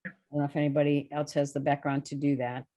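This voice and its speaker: A woman's voice: low-pitched, flat delivery, fast talker, dark tone. A woman chairing a committee meeting over a video call, talking hesitantly with many fillers and restarts. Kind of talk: online meeting talk.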